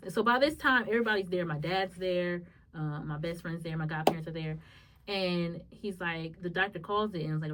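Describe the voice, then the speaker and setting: A woman hosting a podcast, telling a personal story in a halting, emotional way with many restarts. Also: on the low side, far from the mic, low-quality recording. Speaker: podcast host.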